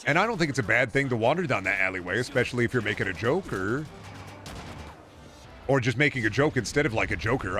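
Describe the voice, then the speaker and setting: A man streaming a game, rambling and profane, bursting into excited rants. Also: medium pitch, noisy background. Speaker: gaming streamer. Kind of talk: live game-stream commentary.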